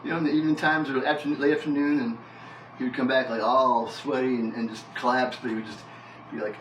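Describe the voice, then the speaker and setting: A man's voice: mid-range voice, level tone, fast, a bit bright, recorded from a distance, a little hiss or hum. Man, casual rambling talk, roomy echo, off-mic. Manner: loose and rambling, with many fillers and laughs. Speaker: vlogger. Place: house with the door open.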